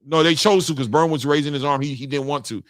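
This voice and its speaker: A man hosting a boxing chat show, talking casually and excitably while replaying fight clips and hollering reactions. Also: fairly high pitch, fast, dry recording, studio quality.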